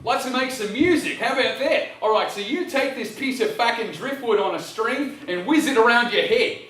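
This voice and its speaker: A man's voice: very high voice, lively intonation, moderate pace, fairly bright tone, distant mic, slight background noise. A man voicing a laid-back Australian musician in a mock Australian accent. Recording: echoey room heard from afar.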